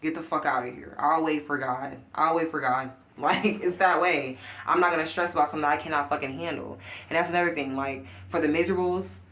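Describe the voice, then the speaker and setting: A woman life coach in a casual vlog rant, talking bluntly and profanely, swinging between loud outbursts and low muttering. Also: steady tone, brisk. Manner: blunt, profane, emphatic ranting.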